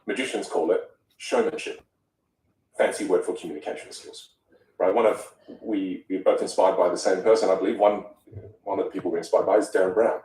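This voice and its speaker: A young man with a lowish voice tells stories in an animated, dramatic way, acting out the people in them. He is a communication coach talking as a guest on a podcast. His voice sounds roomy and a little distant from the mic, with faint noise behind it. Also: fairly quick. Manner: animated, dramatic storyteller who acts out voices. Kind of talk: storytelling in a podcast interview.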